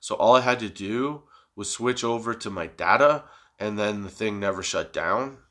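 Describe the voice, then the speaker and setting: A man hosting his own podcast, rambling in a casual, profane, self-mocking way after staying up all night high. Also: moderate pace, fairly bright tone. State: sleepless and high. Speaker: podcast host.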